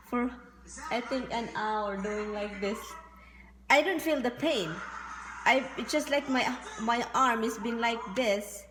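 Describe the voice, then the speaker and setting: This casual home vlog comes from a woman from the Philippines, talking inside a house that's being painted. She's chatty, full of exclamations and quick to laugh at herself. Her voice runs on the high side, slow with frequent pauses, and music plays under the poor audio.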